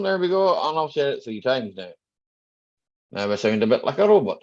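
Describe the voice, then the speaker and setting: A man's voice: medium pitch, big pitch swings, moderate pace, dull audio. A man hosting a casual live stream chat, greeting viewers one by one by name in a chatty, easygoing way. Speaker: livestream host.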